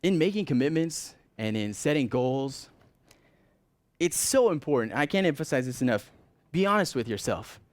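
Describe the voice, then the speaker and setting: A man's voice: mid-range voice, big pitch swings, normal speed, no room sound. A man preaching a sermon in an earnest, conversational way, stressing points with rising emphasis.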